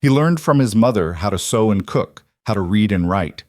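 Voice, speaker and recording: A man reading a scripted story in an even, measured way. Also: on the low side, no echo, clean studio sound. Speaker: narrator. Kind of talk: scripted narration.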